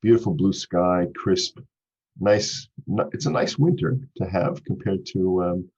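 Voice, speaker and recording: A man's voice: deep voice, a little slow, darkish tone, slightly rough. A middle-aged man from Canada with a Canadian accent, a cheerful podcast guest who laughs often and talks with many fillers and restarts over a video call. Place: home office. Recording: dull lo-fi call audio.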